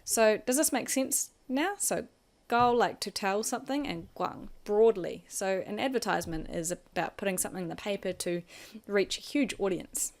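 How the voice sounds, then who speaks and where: A woman's voice: medium pitch, normal speed. A woman teaching a vocabulary lesson, patiently explaining each word and modelling the tones. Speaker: Chinese language teacher.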